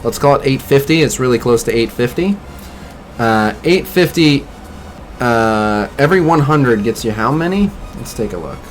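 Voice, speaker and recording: Speaking at normal speed with lively intonation, a man with a mid-range voice streams a mobile game over a little hiss or hum. He chats in a relaxed way, critiques some of what he sees and reacts to viewers.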